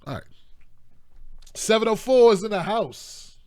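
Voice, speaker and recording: Male call-in show host, high voice, dry close mic, rants emphatically with sarcastic asides. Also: lively intonation, measured pace, darkish tone, no room sound. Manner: rambling, emphatic, mocking asides. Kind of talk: impassioned political commentary.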